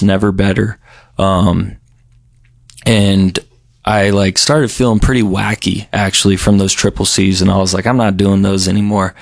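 A young man from Colorado telling his recovery story in a relaxed, rambling way, full of "you know" and "um.". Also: on the low side, vocal fry, no echo, clean studio sound. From Colorado, USA. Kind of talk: casual recovery story interview.

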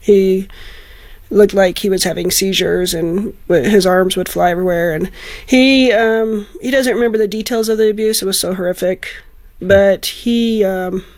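A woman's voice: medium pitch, fairly even intonation, darkish tone. Earnest middle-aged woman telling a story. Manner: earnest, heartfelt, halting restarts. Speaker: teacher and foster parent, author guest. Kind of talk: personal storytelling in an interview.

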